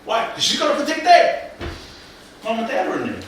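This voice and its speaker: A man leading a mental health workshop, speaking in a colloquial, animated way and often questioning the audience. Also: extremely high pitch, brisk. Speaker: workshop presenter. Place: room with live audience. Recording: echoey room, distant mic, faint noise.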